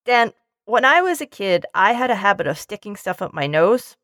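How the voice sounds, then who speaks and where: A woman telling a funny story in a casual chat, her pitch swinging widely as she acts out each person in it. The recording is dry and close. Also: normal speed, dry recording. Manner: animated storyteller, acts out quoted voices.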